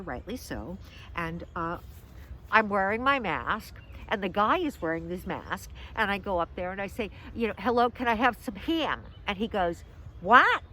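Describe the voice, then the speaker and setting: A woman's voice: fairly low pitch, animated, normal speed, sharp tone, a little hiss or hum. A middle-aged American woman telling a rambling, self-deprecating story in a casual vlog, outdoors in a park, with lots of fillers and restarts. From United States. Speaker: vlogger, comedian.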